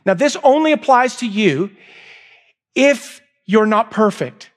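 Male pastor, high voice, emphatic sermon delivery with repeated points. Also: animated, takes it slowly. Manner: emphatic, repeats key lines, swings from raised to hushed.

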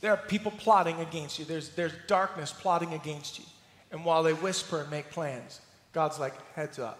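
A man preaching a sermon as pastor, telling the story in an animated, playful way and acting out scenes. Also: on the high side, normal speed. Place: church sanctuary. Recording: roomy hall reverb.

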